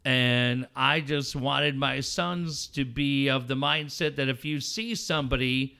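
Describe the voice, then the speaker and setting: A middle-aged man co-hosts a radio show, his medium-pitched voice gravelly yet clear and resonant, his pace unhurried. In casual banter he tells a story, acting out each line of dialogue animatedly and swearing freely.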